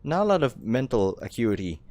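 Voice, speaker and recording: A man's voice: medium pitch, very animated, brisk, a little mellow. A tired young man hosting a let's play, rambling casually through tangents and swearing now and then, with faint music behind. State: tired, late night. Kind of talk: casual gameplay commentary.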